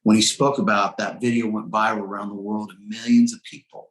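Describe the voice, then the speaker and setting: A man's voice: lowish voice, level tone, brisk, a bit bright. Middle-aged guy pastor telling his story, earnest, bit echoey room. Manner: earnest storytelling, quoting dialogue, shifting pace. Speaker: pastor, guest. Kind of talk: personal testimony in an interview. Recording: roomy echo.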